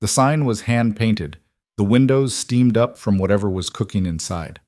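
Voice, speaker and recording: A man with a lowish voice narrates a romance story in a steady, even way. The recording is dry and close, with no room sound around him. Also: normal speed, dry recording. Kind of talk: scripted audiobook narration.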